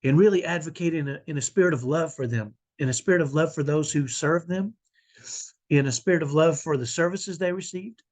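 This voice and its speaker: In an earnest, confessional vlog, a middle-aged father of an autistic child talks to his viewers in a husky, slightly high voice that is a little mellow and a little fast. He often restarts his sentences and sounds emotional, close to tears.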